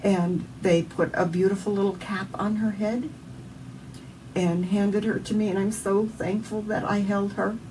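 A woman's voice: medium pitch, flat delivery, a little slow, a little mellow, distant mic, slight background noise, poor audio. A woman with a Southern US accent sharing an earnest, emotional personal faith testimony as an interview guest.

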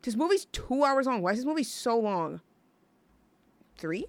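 Very animated and fairly high-voiced, a young woman chats alone on her college radio show at a moderate pace. She rambles and gushes, restarting sentences and using lots of fillers, with no room sound in the recording.

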